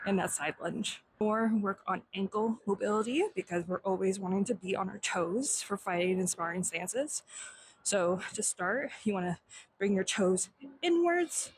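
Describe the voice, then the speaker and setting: A young woman teaching a stretching warm-up, slightly out of breath, counting aloud in Japanese. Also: mid-range voice, normal speed, breathy edge, low-quality recording. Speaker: fitness instructor. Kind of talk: instructional demo while exercising.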